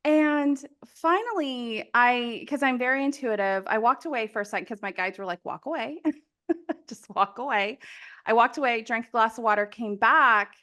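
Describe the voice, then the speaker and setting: A woman's voice: a little high, lively intonation, moderate pace, pushed and bright. A woman in her thirties hosting a podcast, talking emotionally and rambling, often laughing. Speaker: podcast host. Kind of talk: casual conversation.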